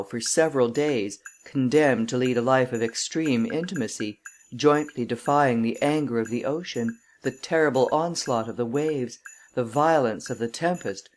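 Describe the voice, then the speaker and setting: A woman reading a classic novel aloud as an audiobook narrator, measured and formal. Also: a bass voice, darkish tone. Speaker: audiobook reader.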